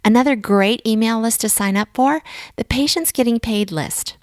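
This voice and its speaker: A woman's voice: a little high, normal speed, no room sound. A woman hosting a podcast interview, chatty and upbeat. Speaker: podcast host.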